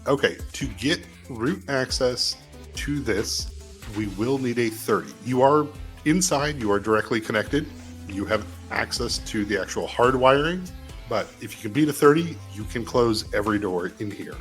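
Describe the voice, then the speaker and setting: Guy gm narrating a tabletop game, giggles a lot, average pitch, faint music under it. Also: lively intonation, normal speed, fairly bright tone. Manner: laughs often while narrating, playful. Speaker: game master.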